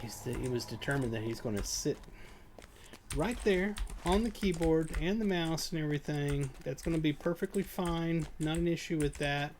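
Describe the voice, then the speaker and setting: Rambling streamer man, fairly high voice. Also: moderate pace, noisy background. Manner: rambling, thinks aloud with many fillers. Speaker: game streamer. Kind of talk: casual live-stream chat. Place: home room at a computer. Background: game music and keyboard typing.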